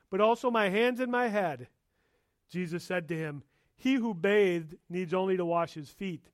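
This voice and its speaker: Male pastor, high voice, unhurried verse-by-verse sermon, emphatic peaks, dry close sound. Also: no room sound. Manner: emphatic, rising to exclamation on key points.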